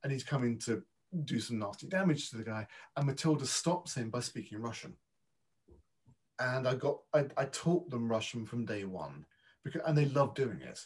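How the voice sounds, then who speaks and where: A British man speaks as an accent coach in a casual interview. His voice carries a husky edge at an everyday pitch. He tells stories with many restarts and plays down his own part. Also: lively intonation, normal speed. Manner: anecdotal, hesitant restarts, modest. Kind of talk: conversational interview.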